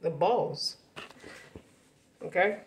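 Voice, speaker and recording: A woman giving a casual tarot reading to her viewers, brash and profane, swinging from loud hype down to low muttering. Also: drawn-out words, slight background noise. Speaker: tarot reader.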